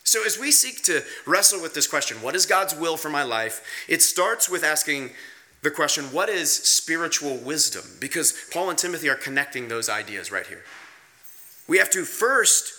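Casting note: man, pastor, bright and slightly high voice, conversational preaching with emphatic rhetorical questions. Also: sing-song, moderate pace. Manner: varies pace and pitch widely for emphasis. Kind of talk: sermon.

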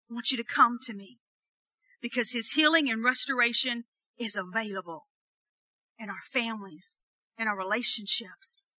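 A woman preaching a sermon at a church service. She repeats phrases for emphasis and swings from hushed, soft lines to loud, emphatic preaching. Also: high voice, dry recording.

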